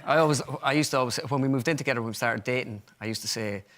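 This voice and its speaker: Chatty Irish comedian guest. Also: male voice, medium pitch, rapid-fire. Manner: chatty, rambling, self-mocking. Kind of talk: talk show anecdote. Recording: loud studio audience laughter behind.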